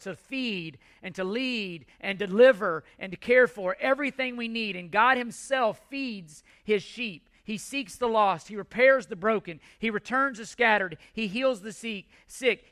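Male pastor, bright high voice, emphatic repetitive sermon delivery. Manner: emphatic, repetitive preaching with measured pauses.

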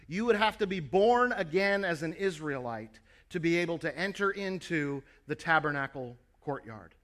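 A man's voice: fairly high pitch, lively intonation, normal speed, hardly any pauses, a bit bright. A man preaching a sermon, earnestly telling a story and speaking straight to his listeners.

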